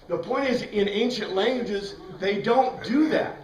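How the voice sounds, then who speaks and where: A man's voice: high-pitched, normal speed, hardly any pauses. A man teaching a Bible class, explaining step by step and putting questions to his students. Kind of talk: classroom lecture. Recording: roomy sound from a distant mic.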